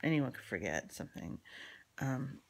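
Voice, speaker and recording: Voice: medium pitch, very animated, moderate pace, darkish tone. A speaker telling a rambling personal story in casual talk, swearing freely, full of fillers and restarts, often dropping into whispered asides. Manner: drops into unvoiced whispery asides.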